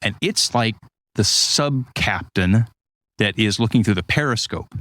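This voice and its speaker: A man in casual conversation, explaining ideas through lively stories and acted-out quotes. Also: fairly low pitch, unhurried. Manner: animated storyteller, acts out quotes.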